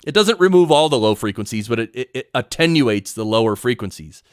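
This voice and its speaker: A man with a smooth, resonant voice at an ordinary pitch, teaching podcast audio on a live stream in a home studio. He rambles excitedly and keeps breaking off his own sentences. The sound is close and dry, straight into a studio mic. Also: a little fast, no room sound. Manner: rambling, excitable, self-interrupting. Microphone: studio mic through audio recorder.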